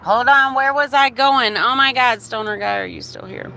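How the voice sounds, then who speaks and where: A woman's voice: fairly high pitch, normal speed, vocal fry, sharp tone. A woman livestreaming, telling a personal story in a candid way, with a lot of swearing and laughter. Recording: noisy phone recording.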